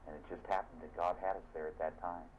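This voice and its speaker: A man preaching a sermon as a minister, telling stories with fervor and sudden swings of loudness. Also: deep voice, fairly even intonation, fast talker. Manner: fervent, dramatic storytelling with shifts of loudness. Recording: dull lo-fi recording with faint hiss.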